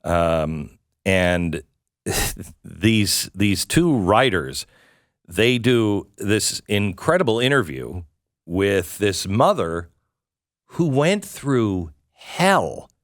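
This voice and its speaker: A man hosting an interview show, talking haltingly with many fillers and restarts. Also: sits low, big pitch swings, no room sound, studio quality. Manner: halting, stumbles over words with many fillers. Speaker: radio talk show host.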